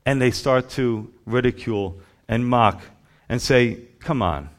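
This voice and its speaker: A man's voice: mid-range voice, steady tone, a little slow. Emphatic male pastor preaching. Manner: emphatic, rhythmic preaching with lists. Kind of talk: sermon.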